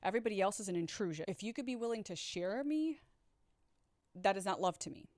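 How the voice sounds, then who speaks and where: A woman's voice: medium pitch, lively intonation, fast talker, darkish tone, no room sound. A woman telling her own story in a candid, chatty storytime monologue, swearing now and then and talking straight to her viewers.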